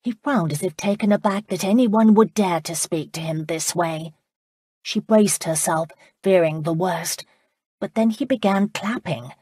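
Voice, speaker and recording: Low, husky-voiced woman narrating. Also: a little slow, a little mellow, dry recording, clean studio sound. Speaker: audiobook narrator. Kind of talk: scripted narration.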